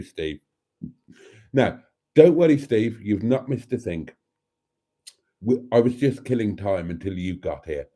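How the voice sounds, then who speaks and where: A man chatting warmly with viewers on his live stream, camp and talkative, laughing often and calling them darlings. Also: mid-range voice.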